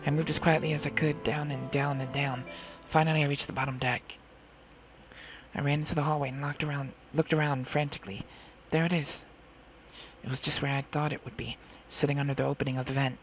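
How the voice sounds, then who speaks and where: A man hosting a let's play reads the game's story aloud dramatically and adds his own remarks, with game music behind him. His voice is fairly high with a level tone, and he talks fairly quickly.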